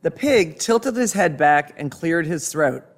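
A man reading a children's storybook aloud in a gentle, soft-spoken way. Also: a little high, lively intonation, unhurried.

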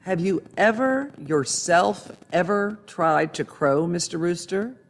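Storybook pig, read by a man: courteous, snuffling, formal, unhurried. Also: high-pitched, gravelly, exaggerated voice. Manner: formal, stately phrasing. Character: very polite, snuffling male farm pig.

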